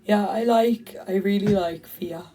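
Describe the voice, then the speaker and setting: An Irish woman from Ireland chats casually on a phone livestream, reading out comments, blunt and swearing freely. Her medium-pitched voice is mellow and a little slow. The audio is poor, with a distant mic and faint music in the background.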